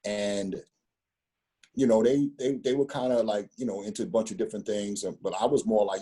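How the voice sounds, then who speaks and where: A man's voice: fairly low pitch, fairly even intonation, brisk, warm tone, breathy edge. A man in his fifties telling a long personal story in casual conversation, rambling and repeating himself, with street slang. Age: 50s.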